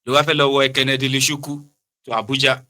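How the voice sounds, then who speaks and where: Animated Nigerian man, very sharp voice. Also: mid-range voice, quick pace, low-quality recording. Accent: Nigerian, Yoruba-inflected Pidgin English. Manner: animated, switches between pidgin, Yoruba and English, mimics others. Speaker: political commentator. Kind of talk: casual political commentary.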